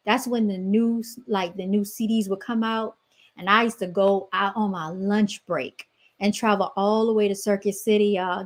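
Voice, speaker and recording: A woman in her thirties hosting a podcast, chatting casually and telling stories straight to her listeners. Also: medium pitch. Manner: chatty storytelling, keeps addressing listeners as y'all. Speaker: podcast host.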